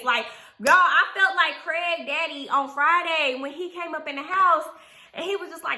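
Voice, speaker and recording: A young adult woman telling a story to her viewers in an animated, profane way, often turning to the audience. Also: sits high, moderate pace, echoey room. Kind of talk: casual storytime.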